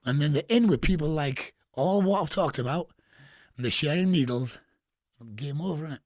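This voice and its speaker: A podcast guest from England with a Geordie accent tells prison stories in a blunt, swear-heavy way, laughing at his own tales during a casual interview. His voice sits a little high and moves at a moderate pace. The studio-quality recording is dry, with no room sound.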